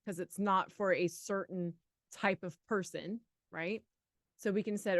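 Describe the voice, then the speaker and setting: A woman co-hosting a live exam study lesson, chatty and quick to laugh, thinking aloud through answers. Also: medium pitch, fairly even intonation, dry recording, clean studio sound. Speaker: exam prep co-host.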